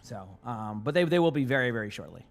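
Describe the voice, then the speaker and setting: A man's voice: mid-range voice, lively intonation, quick pace, vocal fry, faint music behind. A man streaming in the morning with his morning voice, chatting casually with viewers in a rambling way, stumbling and repeating words as he answers chat. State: morning voice, just woke up.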